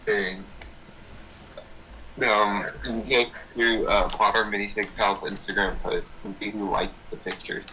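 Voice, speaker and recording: A young man with a lowish voice and a very bright, forceful edge, chatting in a laid-back way on a livestream. He reads out chat messages between comments. Faint hiss under the voice. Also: flat delivery, unhurried, low-quality recording. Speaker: livestream co-host.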